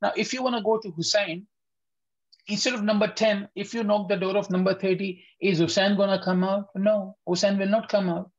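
A man's voice: sits high, fairly even intonation, highs cut off. A man teaching an online tajweed lesson, patiently repeating letter sounds and checking that his students follow. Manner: patient, repeats sounds slowly, asks if it is clear. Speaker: Quran recitation teacher.

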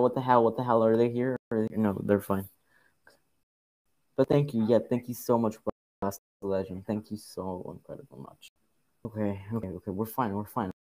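A man's voice: fairly low pitch, darkish tone, dry recording, low-quality recording. A young man streaming a horror game, thanking followers and repeating himself nervously as he plays. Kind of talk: casual live game commentary.

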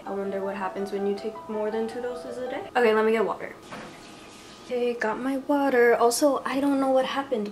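A young woman casually chatting through a product review, filler-heavy and giggly. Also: on the high side. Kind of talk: casual chat. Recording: echoey room with faint noise.

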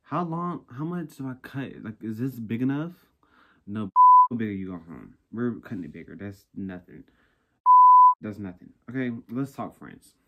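A man's voice: on the low side, animated, normal speed. A young man vlogging in a sassy, rambling casual chat, talking himself through a craft project. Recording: noisy background hiss.

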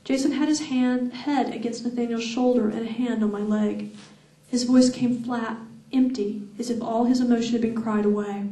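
A woman reads her own first-person novel aloud at a live event, steady and expressive. Her voice sits a little high. She is heard from a distance, with plenty of echo around her. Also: normal speed. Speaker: author reading her novel. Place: event hall. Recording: echoey room, far from mic.

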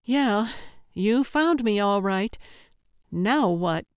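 Samantha: anxious, exasperated young woman, pitched up and louder than the narrator, a woman reading her, smooth clean audiobook. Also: animated, extremely slow, no room sound, studio quality. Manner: exasperated, defensive.

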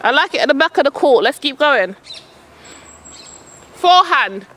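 A woman's voice: sits high, lively intonation, fast, a bit bright, a little hiss or hum. A woman coaching her son at tennis on an outdoor court, calling out shots and chatting casually to her vlog viewers. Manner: calls out shots, chatty and coaxing.

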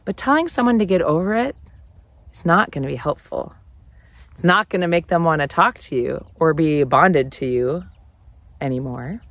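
A woman hosting a casual advice talk to camera, conversational and animated. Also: low voice, moderate pace, dry recording. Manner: animated, conversational, often acts out quoted phrases. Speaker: relationship advice host.

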